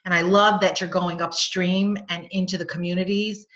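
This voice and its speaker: A middle-aged woman with a Long Island accent hosts a webinar, chatty and encouraging, filling pauses with "um" and "you know." Her voice is bright and a touch on the low side. The sound is dull and lo-fi, like online meeting audio. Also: flat delivery. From Long Island, New York. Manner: chatty, encouraging, with frequent fillers and laughs. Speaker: webinar host and nurse coach educator. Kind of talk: casual webinar Q&A.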